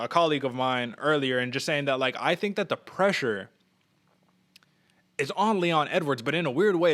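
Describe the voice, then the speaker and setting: A man talking fast on a fight-preview podcast. His delivery is casual and animated, and he keeps tossing questions to his co-host. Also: mid-range voice. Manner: fast, animated, asks questions, acts out quotes. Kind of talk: casual sports podcast chat.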